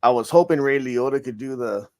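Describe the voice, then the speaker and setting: A man's voice: medium pitch, brisk, no echo, studio quality. A man co-hosting a podcast, talking loosely and often restarting his sentences while he lays out a story idea. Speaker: podcast co-host. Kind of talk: casual chat.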